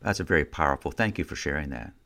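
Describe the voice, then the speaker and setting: A man with a very deep voice hosts a podcast interview. He asks his questions in a measured, thoughtful manner, with a few filler sounds along the way. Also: expressive, fairly bright tone. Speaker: podcast host.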